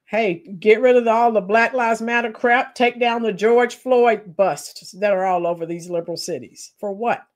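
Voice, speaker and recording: Sarcastic lady streamer, kinda high voice, chatting w her viewers and mocking stuff. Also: normal speed, hardly any pauses. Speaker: commentary streamer reacting to clips. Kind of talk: casual live-stream commentary.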